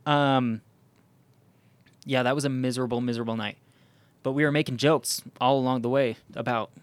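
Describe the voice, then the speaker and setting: A man's voice: mid-range voice, fairly even intonation, moderate pace, smooth, no echo. A man hosting a podcast, telling a hiking story in casual chat, with lots of "um" and "like" and frequent restarts. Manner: rambling, many fillers and restarts. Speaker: podcast host.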